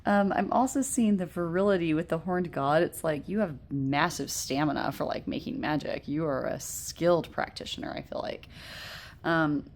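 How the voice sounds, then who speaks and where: A woman in her thirties with a low-pitched voice gives a casual pick-a-card tarot reading from home. She talks into earbuds in a loose, rambling way, full of fillers, and laughs often as she goes. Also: normal speed, a little hiss or hum. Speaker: tarot reader.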